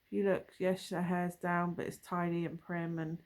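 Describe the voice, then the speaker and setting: A woman's voice: lowish voice, flat delivery, moderate pace, a little mellow. A woman doing a casual tarot reading, musing and thinking aloud as she turns over cards, with trailing asides. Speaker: tarot reader.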